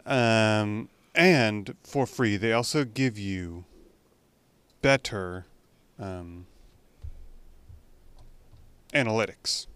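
Smooth-voiced young man chatting casually. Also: on the low side, drawn-out words, pauses often, a bit bright, dry recording. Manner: chatty, rambling, with frequent restarts. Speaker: podcast co-host. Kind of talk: casual chat.

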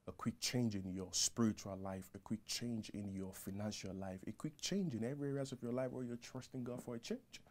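A male pastor preaching a sermon. He starts quietly, then builds to a loud, high delivery, often repeating himself and stumbling over words.

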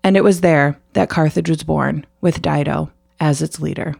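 A woman's voice: low-pitched, steady tone, normal speed, vocal fry, a little mellow, dry recording, clean studio sound. A woman hosting a podcast, upbeat with many fillers, chatting and then telling a story. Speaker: podcast host. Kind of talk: casual chat and storytelling.

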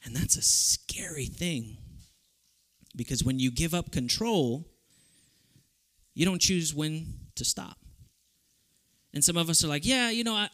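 A man from South Texas preaches to a youth group with a somewhat high voice. He tells funny stories, acting out the people in them, then drops to soft, earnest reflection. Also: takes it slowly, pauses often. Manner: animated, humorous, acts out quoted voices. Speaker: youth camp speaker. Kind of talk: youth sermon with storytelling.

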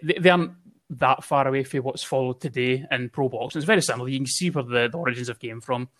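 A man's voice: mid-range voice, fast, fairly bright tone. A man co-hosting a casual podcast chat, swearing freely and laughing at his own jokes. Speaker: podcast co-host.

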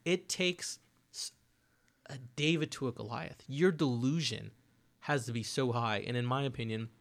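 A man's voice: medium pitch, normal speed, creaky. Emphatic man in podcast chat. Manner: animated, emphatic, keeps asking "right?". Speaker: podcast host.

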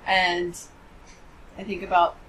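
A woman's voice: fairly low pitch, completely flat delivery, slow, a bit bright, slight background noise, poor audio. Joking woman co-hosting a podcast. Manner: joking, playfully dramatic. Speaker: podcast co-host. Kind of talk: casual podcast chat.

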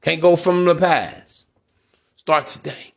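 A man delivering a casual podcast monologue in a blunt, preachy way, with frequent profanity. His voice sits somewhat high for a man. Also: steady tone, slow, vocal fry. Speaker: podcast host.

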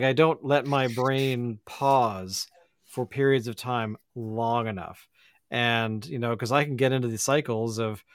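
A man's voice: mid-range voice, fairly bright tone, no room sound, clean studio sound. A man hosting a podcast, talking in a rambling, reflective way full of fillers. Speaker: podcast host. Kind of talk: casual chat.

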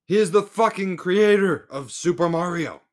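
A man's voice: sits high, moderate pace. A man hosting a podcast in a casual solo rant, blunt and full of swearing. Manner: profane, blunt, exasperated. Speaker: podcast host.

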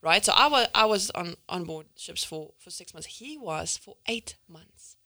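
A woman co-hosting a podcast, emphatic and lively while recounting her experiences in casual chat. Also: lowish voice, measured pace. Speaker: co-host.

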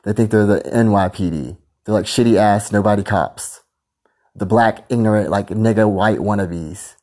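A man's voice: fairly low pitch, moderate pace, dark tone. A man ranting angrily and crudely, piling up combative insults. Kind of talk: angry profane rant.

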